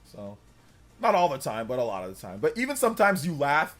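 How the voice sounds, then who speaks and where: A young man chatting casually on a live stream, animated, laughing often and breaking into high character voices. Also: a little fast.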